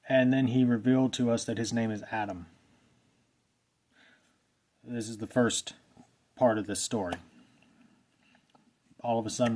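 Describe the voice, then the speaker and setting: A man's voice: mid-range voice, darkish tone. A man telling a personal faith testimony in a casual, rambling way, often repeating himself. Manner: earnest, rambling, repeats phrases. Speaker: vlogger sharing a testimony. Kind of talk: casual storytelling.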